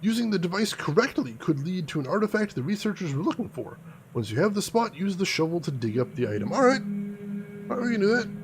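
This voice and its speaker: Guy chattering through a game, kinda high voice, jumpy and excitable. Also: fast, faint music behind. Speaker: gaming streamer. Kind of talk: casual let's-play commentary.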